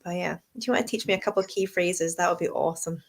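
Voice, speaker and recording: A woman's voice: on the low side, fast. A woman with an Aberdeenshire Scottish accent, co-hosting a casual live chat and laughing often as she talks. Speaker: co-host, whisky tour guide.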